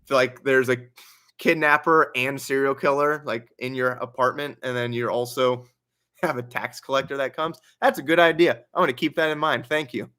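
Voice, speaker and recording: A man's voice: mid-range voice, steady tone, normal speed, sharp tone. A young man hosting a casual livestream Q&A, reading donations aloud and chatting with a laugh in his stories. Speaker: livestream host.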